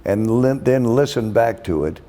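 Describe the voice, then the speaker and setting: An older man from Texas, telling stories in a folksy, unhurried way as host of a casual chat. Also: mid-range voice, animated, warm tone.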